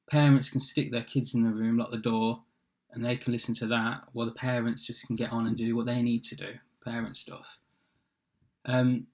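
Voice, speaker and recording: A young man tells a children's fairy tale his own casual way. He rambles, drops in fillers and jokey asides, and keeps an offhand, chatty tone throughout. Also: medium pitch. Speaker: storyteller.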